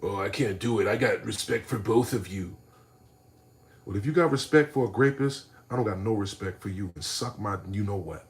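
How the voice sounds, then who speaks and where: A man ranting on a livestream, animated and profane, swinging between low mutters and shouting. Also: moderate pace. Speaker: streamer. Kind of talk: livestream rant.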